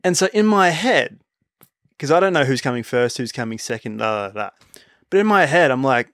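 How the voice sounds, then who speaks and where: A man's voice: mid-range voice, animated, brisk, a bit bright, no echo, clean studio sound. A man, co-hosting a casual podcast chat, telling a rambling story and laughing often. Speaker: podcast co-host.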